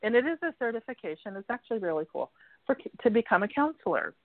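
A woman's voice: on the high side, very animated, fast, no room sound. A chatty woman talking as a radio guest over a tinny phone line. Her voice rises and falls a great deal as she tells her stories. The sound is dry and close. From United States. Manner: chatty, laughs often, acts out quoted lines. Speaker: guest, energy healer. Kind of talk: casual radio chat.

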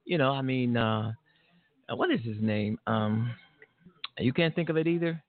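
A man's voice: mid-range voice, expressive, normal speed, dry recording, phone-quality sound. A man hosting his own political talk show, talking bluntly and profanely in a rambling monologue full of fillers and restarts. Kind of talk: casual political commentary monologue.

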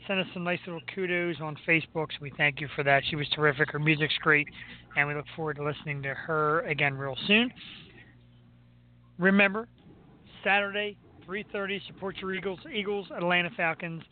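A man's voice: on the high side, fairly even intonation, a little fast, slight background noise. A man hosting a radio show, chatting casually and rambling with self-deprecating jokes. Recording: tinny phone-like sound.

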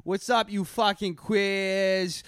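List: man doing a brash Boston tough guy, Boston accent, high, smooth voice, dry sound. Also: level tone, dry recording, full character voice. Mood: mocking. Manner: shouting insults, slow and exaggerated. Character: loud abrasive Boston tough-guy show host, male.

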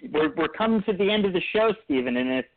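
A man's voice: high voice, expressive, fast. A man hosting a podcast, chatting easily with his guest and steering toward the end of the show. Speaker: podcast host. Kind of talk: casual podcast chat. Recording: tinny phone-like line.

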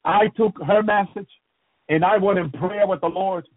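A man preaching fervently on a radio broadcast, circling back to his points and murmuring praises to the Lord between them. His voice sits high and sounds husky. The recording is dry and thin, like a phone line. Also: moderate pace, dry recording. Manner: fervent, repetitive, frequent "praise you, Lord" asides. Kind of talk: end-times radio preaching.

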